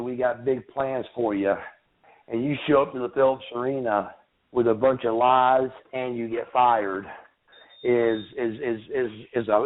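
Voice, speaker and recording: A man in his thirties speaks haltingly, stumbling and repeating himself as he recalls a painful memory. He comes through a tinny phone line with a narrow, boxy sound. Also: mid-range voice. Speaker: guest. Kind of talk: emotional interview recollection. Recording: phone-line call-in audio.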